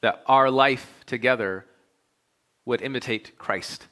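A young adult man, a pastor, preaching a sermon in a relaxed, conversational storytelling way. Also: medium pitch, takes it slowly. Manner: conversational storytelling, animated when quoting himself.

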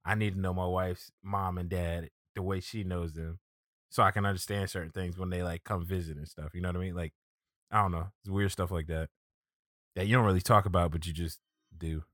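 Laid-back man telling stories, low voice. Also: steady tone, brisk, a bit bright, no echo, clean studio sound. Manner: laid-back storytelling with many "like" fillers. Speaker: podcast co-host. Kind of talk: casual chat.

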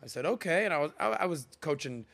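A man's voice: fairly high pitch, fast talker, gravelly. A man in his forties hosting a podcast, chatting casually and acting out voices as he tells stories. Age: 40s. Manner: animated storyteller who acts out accents and voices. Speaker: podcast host. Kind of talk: casual chat.

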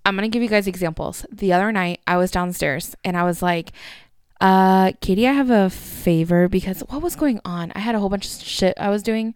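A woman's voice: medium pitch, fast talker, hardly any pauses, smooth, no room sound, studio quality. A young woman co-hosting a casual chat, telling stories with plenty of joking and swearing. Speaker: podcast co-host.

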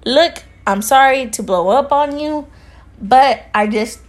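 A woman's voice: high-pitched, slow. A woman co-hosting a podcast, telling a story in casual chat, acting out both sides of the conversation, swearing freely and dropping in Spanish phrases. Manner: drops Spanish phrases into her talk. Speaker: podcast co-host.

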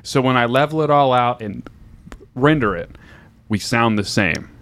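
A young man hosts a casual podcast in a rambling, deadpan way. He teases his co-host, and his voice sits at an ordinary middle pitch. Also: moderate pace.

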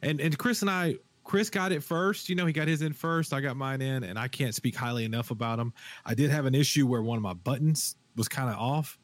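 A man hosting a casual podcast chat, talking in an animated, rambling way with lots of fillers and restarts. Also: medium pitch, brisk, no echo. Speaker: podcast host.

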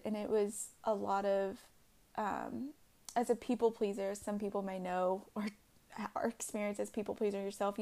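A young woman speaks off the cuff on her own podcast, candid and a little halting as she circles back on her words. Her voice sits at a middle pitch with a gravelly, fried edge. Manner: candid and halting, with frequent restarts and soft asides. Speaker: podcast host. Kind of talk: unscripted personal podcast monologue.

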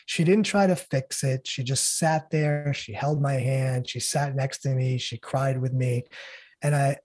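Husky-voiced earnest middle-aged man. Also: medium pitch, steady tone, darkish tone. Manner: earnest and heartfelt, speaks haltingly. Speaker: guest. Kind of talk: emotional interview talk.

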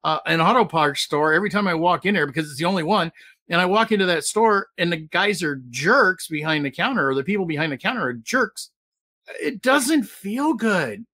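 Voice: mid-range voice, animated, fairly quick, sharp tone. A host interviewing a guest over a video call, speaking conversationally and steering the talk with questions.

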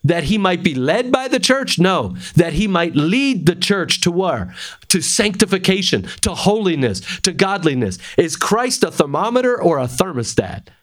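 A man's voice: sits high, sing-song, moderate pace. A middle-aged male pastor preaching a sermon to young men at a camp, emphatic and repeating phrases for stress.

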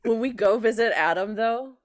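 A woman with an American accent, co-hosting a podcast in a giggly, animated way. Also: a little high, moderate pace. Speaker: podcast co-host. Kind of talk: casual podcast chat.

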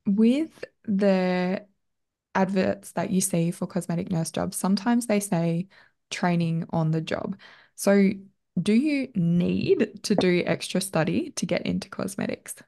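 A woman's voice: on the low side, measured pace, creaky, dark tone. A woman hosting a podcast interview, chatting casually and encouraging her guest with short affirmations. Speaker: podcast host.

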